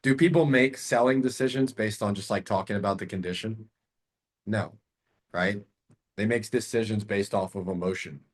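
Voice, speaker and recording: A man teaching a live online sales training, talking casually and straight to his audience, often ending points with "right?" or "okay?". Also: medium pitch. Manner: conversational, repeats tag questions, addresses the audience directly. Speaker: sales coach.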